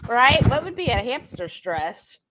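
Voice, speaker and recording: A woman's voice: on the high side, big pitch swings, unhurried, a bit bright. A woman co-hosting a live cooking stream, chatting casually and reading viewer comments aloud. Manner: chatty, reads out comments with a laugh.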